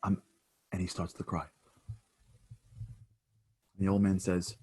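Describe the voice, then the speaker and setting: Motivational speaker, low husky voice, dramatic storyteller on stage. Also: male voice, level tone, measured pace, long pauses. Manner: dramatic storyteller, swings from hushed to loud. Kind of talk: storytelling keynote.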